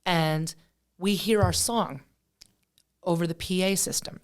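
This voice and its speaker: A woman from Pennsylvania, a guest musician telling stories in a casual interview, animated and chatty with lots of fillers. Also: fairly low pitch, unhurried. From Pennsylvania, USA.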